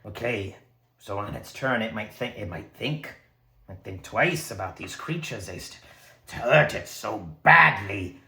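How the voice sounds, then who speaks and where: A man narrating his own solo tabletop game, excitable and talking to the dice and characters. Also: on the low side, unhurried, gravelly. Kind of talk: casual solo play narration. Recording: echoey room.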